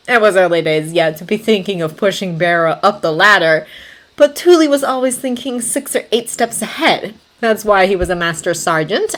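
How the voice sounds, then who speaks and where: A woman reading fanfiction aloud as audiobook narration, even and unhurried. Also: mid-range voice. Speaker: fanfiction reader.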